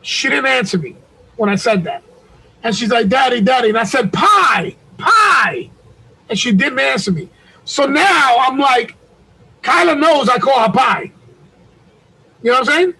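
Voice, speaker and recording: A man with a high, gravelly voice tells a long, foul-mouthed story over a video call. His tone is bright and sharp, and he raises his voice to act out each phone exchange. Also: moderate pace, long pauses, low-quality recording. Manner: profane, animated storytelling, shouts when reenacting. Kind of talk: casual chat.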